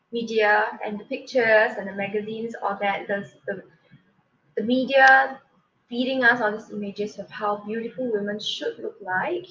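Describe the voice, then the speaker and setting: A woman's voice: a little high, fairly bright tone, recorded from a distance, highs cut off. Chatty woman with a lilt. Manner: candid, chatty, drops in "lah". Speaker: podcast co-host. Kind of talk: casual podcast chat.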